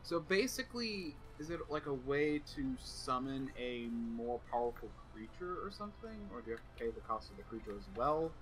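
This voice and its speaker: Male co-host, inquisitive, crisp bright tone, casual. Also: mid-range voice, big pitch swings, normal speed, hardly any pauses, low-quality recording. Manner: curious, asks lots of questions. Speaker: guest co-host. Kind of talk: casual chat.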